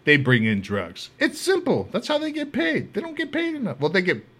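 A man hosting a podcast, telling comedic stories in a loud, profane, laughing way. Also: high-pitched, huge pitch swings, normal speed. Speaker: podcast host. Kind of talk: comedic storytelling.

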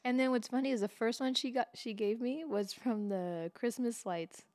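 A woman's voice: on the high side, normal speed. A woman co-hosting a casual chat podcast, telling stories with frequent laughter. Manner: laughs often, animated storytelling. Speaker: podcast co-host.

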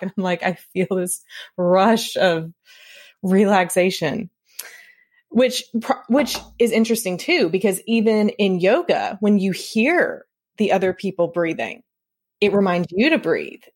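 A woman hosting a casual conversation, telling stories and encouraging her guest. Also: mid-range voice. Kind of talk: casual chat.

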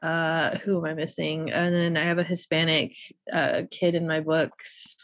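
A woman's voice: low voice, flat delivery, measured pace, fairly bright tone, no echo. A woman novelist, a guest on an interview, talking casually and in a bubbly way, with frequent giggles and many fillers.

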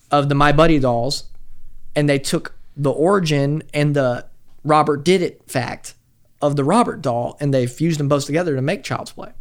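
A man hosting a podcast, telling a story in casual, profane, animated chat. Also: a little high.

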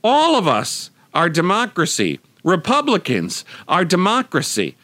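Man, podcast host, mocking commentary, lively pitch, dry recording. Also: a little slow, dry recording. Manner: sarcastic, mocking. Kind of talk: political media commentary.

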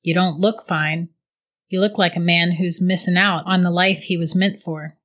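A woman reading the lines of a tall, persuasive male tempter with a low, gruff voice, close to her own voice. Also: fairly even intonation, moderate pace, a bit bright, lightly acted. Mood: coaxing. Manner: coaxing, persuasive. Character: tall smooth-talking male tempter, devil's recruiter.

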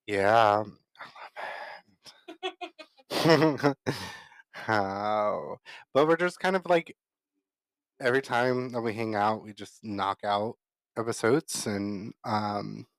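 A man's voice: lowish voice, takes it slowly, dry recording. A man co-hosting a podcast in casual late-night chat, rambling with lots of fillers while eating. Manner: rambling, heavy use of "like" fillers. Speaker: podcast co-host.

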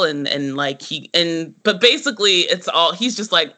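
A man co-hosting a casual podcast discussion, talking in an animated way, full of "like" and quick laughs. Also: on the high side. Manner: animated, heavy use of "like", frequent laughter. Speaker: podcast co-host.

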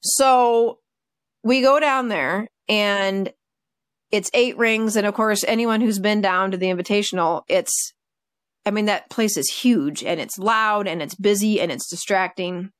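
A woman dog trainer telling stories in a casual podcast chat, animated and full of fillers. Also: mid-range voice, unhurried, clear, resonant tone, dry recording, clean studio sound. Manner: chatty, animated, with many fillers like "like" and "you know".

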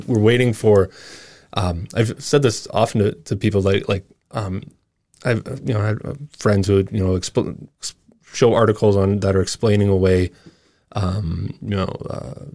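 A middle-aged man in casual conversation as a podcast guest, telling stories with quick laughs and searching for his words. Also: lowish voice, no room sound, studio quality. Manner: animated storyteller, quick laughs.

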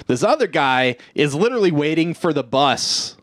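A man's voice: on the high side, measured pace, no echo, studio quality. A man co-hosting a casual podcast, retelling a film scene with lots of swearing and acted-out lines. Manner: animated, profane retelling with acted-out quotes. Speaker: podcast co-host. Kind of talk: casual chat.

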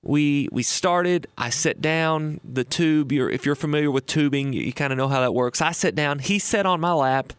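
A man's voice: fairly high pitch, moderate pace, hardly any pauses, clear, resonant tone, no echo, clean studio sound. A man in his thirties hosting a radio show on retirement, telling a story in a folksy, chatty way with fillers and restarts. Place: radio studio.

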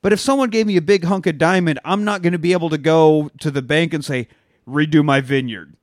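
A man with a slightly high-pitched voice recaps a film plot in loose, profane podcast chat, now and then jumping into quick voices for the characters. The sound is dry and close, with no room echo. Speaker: podcast co-host. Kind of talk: casual movie recap chat.

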